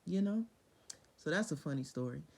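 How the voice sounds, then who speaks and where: A woman's voice: low-pitched, animated, normal speed, gravelly, darkish tone. A young woman casually retelling Bible stories with lots of profanity, laughter and voiced quotes.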